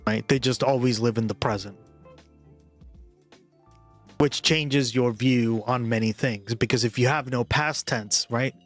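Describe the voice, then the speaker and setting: A man's voice: medium pitch, steady tone, unhurried, pauses often. A man livestreaming and chatting casually with viewers, rambling and full of "like" and "right?", with faint music behind him.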